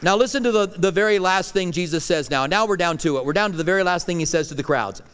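A middle-aged male pastor preaching a sermon, swinging between loud emphatic declarations and quiet, hushed lines. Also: high-pitched, lively intonation, fast talker, clean tone. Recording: long hall reverb.

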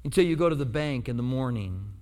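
A man's voice: mid-range voice, brisk. A male pastor preaching a sermon in a church, telling stories with humor and acting out quotes. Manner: animated storytelling preacher, acts out quotes with humor. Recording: long hall reverb.

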